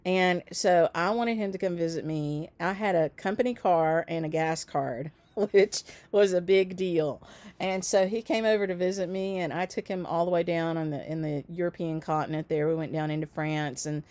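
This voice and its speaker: A woman's voice: fairly low pitch, normal speed, darkish tone. A middle-aged woman, hosting a stitchery shop livestream in a chatty, rambling way and laughing often. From United States. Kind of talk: casual chat.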